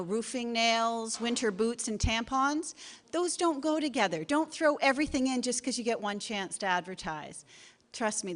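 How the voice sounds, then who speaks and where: A woman's voice: a little high, bright, forceful tone, long reverb tail. A woman giving a short humorous talk on advertising to a live audience, with wry asides. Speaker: presenter.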